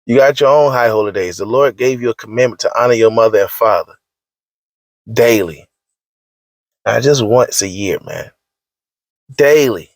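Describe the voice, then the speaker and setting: A man with a fairly low voice lectures online at a moderate pace, leaving long pauses, in a dry recording. He rants preachily and scolds in slang, repeating his points emphatically to make them stick.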